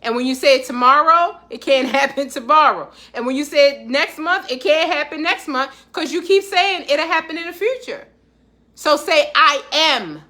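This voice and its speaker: A woman with a high, bright voice leads a motivational teaching talk. She speaks earnestly and casually, in everyday slang, and repeats key phrases for weight. It sounds like a coach talking straight to her audience. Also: moderate pace. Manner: earnest and conversational, with colloquial phrasing. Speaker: life coach.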